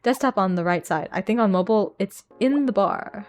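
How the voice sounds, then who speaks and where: A young woman VTuber chatting live with her viewers, excitable, swearing and laughing often, into a desk mic at home. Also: medium pitch, a little fast, hardly any pauses, soft background music. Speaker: VTuber streamer. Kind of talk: casual live-stream chat. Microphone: desk microphone.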